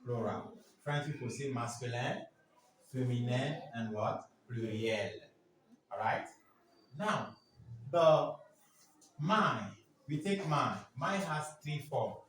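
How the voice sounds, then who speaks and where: Man, classroom teacher, slow deliberate pace, quizzing students, heavy room echo, distant mic. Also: fairly high pitch, lively intonation, fairly bright tone. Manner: keeps asking the class "what?" for them to fill in answers; drills words aloud for the class to repeat. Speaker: French teacher. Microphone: far from the speaker. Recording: very echoey room, distant mic, faint noise.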